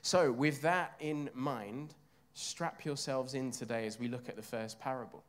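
A man's voice: medium pitch, measured pace. A man from England preaching a sermon, chatting with his congregation and asking them questions.

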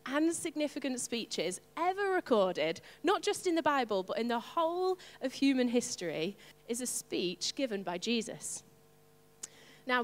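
Woman pastor, animated sermon delivery, a little high-pitched, reverberant church hall. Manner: animated, playful asides to the congregation.

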